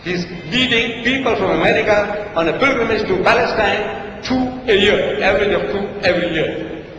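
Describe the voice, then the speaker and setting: A man's voice: sits high, moderate pace, a bit bright, slight background noise. A man giving a public debate speech, emphatic and sarcastic, with pointed rhetorical questions. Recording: distant echoey hall recording, lo-fi.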